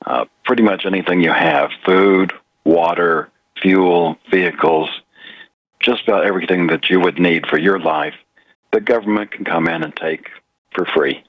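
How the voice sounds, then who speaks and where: A male radio guest with a very low, husky voice explains his points steadily and deliberately. His line sounds dull and muffled, with a narrow band. The sound is dry, with no room echo. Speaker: guest on a call-in radio show. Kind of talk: measured commentary.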